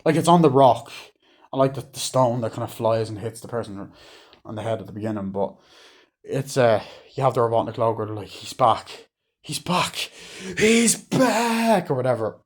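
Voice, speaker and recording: A man's voice: lowish voice, a little fast, darkish tone. A man casually reviewing a movie, rambling with lots of fillers and acting out lines from scenes.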